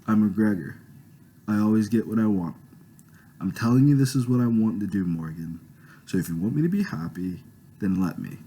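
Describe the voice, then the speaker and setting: A man's voice: lowish voice, animated, normal speed, mellow, a little hiss or hum, close to an everyday voice. A man reading a pushy, rich young woman's coaxing lines in his own plain voice, without doing a voice. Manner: coaxing, insistent.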